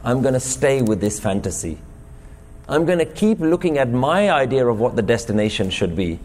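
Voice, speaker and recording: A man's voice: mid-range voice, sing-song, moderate pace, darkish tone, natural voice. A man voicing a stubborn, complaining fish in a sermon parable, with an insistent, self-pitying manner. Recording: reverberant gurdwara hall.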